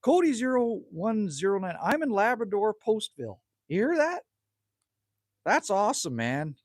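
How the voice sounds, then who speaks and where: The recording is dry as a middle-aged man from Canada's Northwest Territories hosts a relaxed outdoor stream by a campfire. With a high, sing-song voice at normal speed, he reads the chat and jokes bluntly with his viewers.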